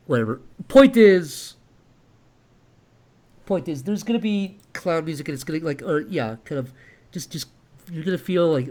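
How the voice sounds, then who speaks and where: A young man talks into a desk microphone in a casual live stream, with a voice set a little higher than most men's. He rambles as he thinks aloud, stopping, restarting and leaning on fillers as he explains his ideas. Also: darkish tone.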